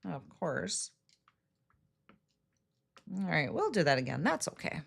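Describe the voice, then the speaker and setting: With big pitch swings and a slow delivery, her low voice sounds gravelly with a breathy edge. She's a middle-aged craft livestream host, chatty as she demos card making, calling out viewers by name and laughing off her slips.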